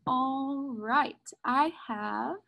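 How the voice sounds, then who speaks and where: A woman, a kindergarten music teacher, gently and patiently talking small children through a recorded music lesson in simple words. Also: high voice, very slow, gravelly, poor audio.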